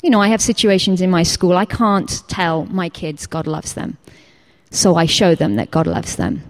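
Woman, teacher, informal sermon, lively storytelling, whispered asides. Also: fairly low pitch, normal speed. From England. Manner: animated storytelling, acts out quotes, drops to whispers. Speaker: teacher giving a church talk. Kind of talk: informal sermon with personal stories.

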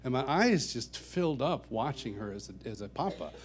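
A middle-aged man, a worship songwriter, telling personal stories to a church audience in a warm, chuckling, self-deprecating way. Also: mid-range voice, big pitch swings, normal speed. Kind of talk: anecdotal storytelling talk.

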